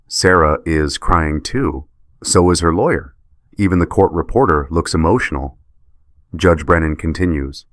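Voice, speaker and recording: A man's voice: a bass voice, a little slow, a bit bright, dry recording, clean studio sound. A man narrating a scripted first-person story in short, clipped sentences.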